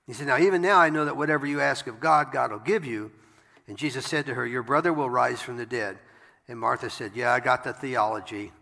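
Gravelly, bright-toned preacher in a big reverberant room. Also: male voice, mid-range voice. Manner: reads scripture aloud and breaks in with wry asides. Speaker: pastor. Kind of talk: sermon.

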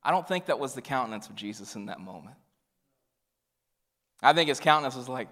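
A male pastor preaching a sermon, swinging from loud emphatic lines to hushed near-whispers. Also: mid-range voice, expressive, brisk, long pauses. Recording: long reverb of a large hall.

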